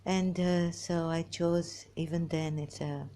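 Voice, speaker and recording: A woman talking to her viewers in a rambling personal monologue, halting and giggly, often restarting and trailing off. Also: fairly low pitch, level tone, mellow, a little hiss or hum. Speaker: vlogger.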